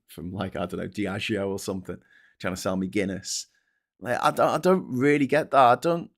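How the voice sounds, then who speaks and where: Animated, sweary man on a livestream. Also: fairly low pitch. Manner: animated, ranting, frequent swearing. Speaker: host. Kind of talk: live-stream chat, reading viewer comments.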